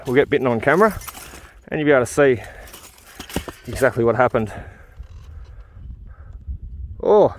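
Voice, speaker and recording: Man, vlogger, rambling outdoor walk-and-talk, mid-pitched, easygoing. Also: slight background noise. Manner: chatty, rambling, frequent "uh" fillers. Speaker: vlogger relic hunting. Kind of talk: casual walk-and-talk commentary. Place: outdoors on a hill in the bush.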